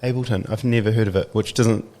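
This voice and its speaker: A man hosting a casual podcast interview, chatty and quick to laugh. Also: on the low side. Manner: relaxed, chatty, laughs easily. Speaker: podcast host.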